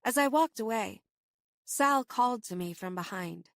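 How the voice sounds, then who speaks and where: A woman reading a first-person horror novel aloud in steady, measured audiobook narration. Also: fairly high pitch, vocal fry, dry recording, clean studio sound.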